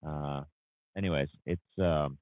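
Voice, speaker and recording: Tired low-voiced man on a tinny line. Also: fairly even intonation, unhurried, no echo. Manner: rambling, tired, with many fillers and restarts. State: tired, yawning. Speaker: landscaping business owner hosting a livestream. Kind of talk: casual livestream Q&A. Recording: tinny phone-like audio.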